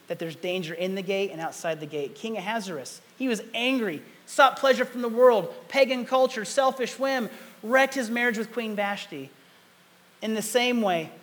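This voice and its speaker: A man in his forties preaching a sermon, telling stories in an animated, emphatic way. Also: high voice. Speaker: pastor.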